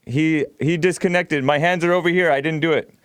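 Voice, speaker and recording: A man's voice: fairly high pitch, fairly even intonation, a little fast, smooth, no echo. A man hosting a call-in radio talk show, blunt and provocative, often laughing as he argues with callers.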